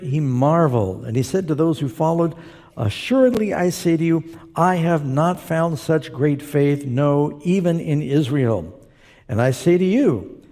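A man's voice: a little high, mellow. A man preaching a sermon. He reads scripture aloud and makes chatty asides to his listeners. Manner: conversational, with asides to the audience. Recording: long hall reverb.

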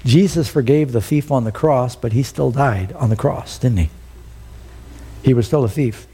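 A middle-aged man preaching a sermon, telling the story with animated, acted-out quotes. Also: mid-range voice, normal speed, breathy edge. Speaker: pastor.

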